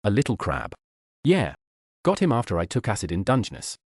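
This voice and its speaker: A man's voice: lowish voice, wildly swooping pitch, brisk, husky, dry recording, clean studio sound, exaggerated voice. A man voicing a flippant young man at a party, reading an audiobook. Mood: offhand.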